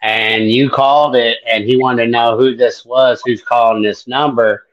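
A man's voice: medium pitch, steady tone, moderate pace, dull audio. A man co-hosting a casual chat, confidently explaining his theories.

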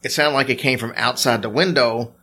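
A man casually telling ghost stories to his co-host on a podcast, animated and teasing. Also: mid-range voice, a little fast. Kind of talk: casual storytelling chat.

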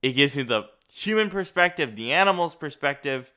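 A man's voice: fairly high pitch, lively intonation, normal speed, pushed and bright. A young man co-hosting a casual podcast, talking emphatically and with strong opinions. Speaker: podcast co-host. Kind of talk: casual chat.

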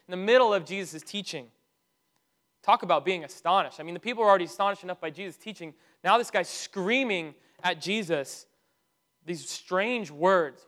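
A male pastor preaching a sermon in a conversational, animated way, with sudden loud outbursts. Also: high voice, brisk.

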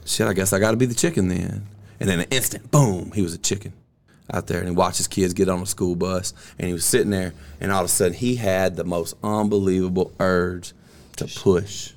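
A man's voice: low voice, fairly even intonation, fairly quick. A middle-aged man hosting a podcast, telling a long joke in casual, rambling talk. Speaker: podcast host.

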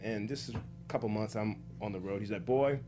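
A man chatting casually as a guest, telling lively stories and acting out the voices in them, stumbling over his words when excited. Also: on the low side, fast, music in the background. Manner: animated storyteller, acts out voices in anecdotes. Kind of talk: casual podcast chat, storytelling.

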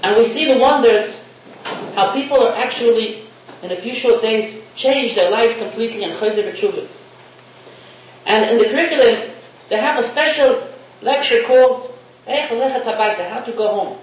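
Speaking at a moderate pace in a very high voice, a rabbi tells a parable during his sermon, weaving in Hebrew and Yiddish terms as he narrates. The room is echoey, the mic distant, and there's faint hiss.

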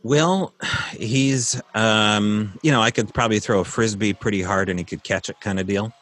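A man's voice: fairly low pitch, moderate pace, fairly bright tone. A man casually telling a long, rambling story from his rural property, with many fillers and restarts.

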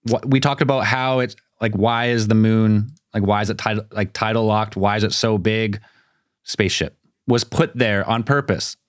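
A man's voice: fairly low pitch, steady tone, dry recording, studio quality. A man co-hosting a casual podcast, joking and spinning playful theories. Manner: playful, speculative, quick to joke. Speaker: podcast co-host.

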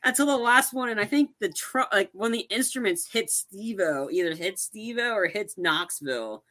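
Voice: mid-range voice, lively intonation, moderate pace, pushed and bright. A young adult podcast co-host chatting casually about a movie, rambling with lots of fillers and restarts.

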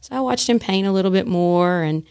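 A woman in the guest seat, telling a story in a chatty, lively way. She slips into the voices of the people she describes and keeps a casual, conversational flow. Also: mid-range voice, fairly quick, clean tone. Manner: animated, acts out dialogue in her story. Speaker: guest, former prison staff.

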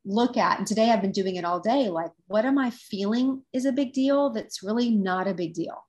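A woman's voice: mid-range voice, moderate pace, darkish tone. A woman guest who teaches intuitive development, telling a story in an earnest, reflective casual chat.

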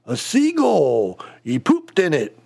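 A man's voice: fairly high pitch, wildly swooping pitch, takes it slowly, vocal fry, darkish tone, husky, heavily acted. A man voicing a grizzled old male pirate who growls "arr" before he answers, in a told joke. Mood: gruff.

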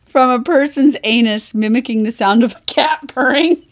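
A woman's voice: sits high, moderate pace. A young woman co-hosting a podcast in casual chat, crude and rambling, often breaking into laughter. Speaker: podcast co-host.

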